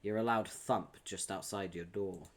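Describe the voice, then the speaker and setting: A man's voice: sits low, fairly even intonation, unhurried. A man reading a webcomic aloud on a live stream, chatting with viewers, laughing often and swearing casually.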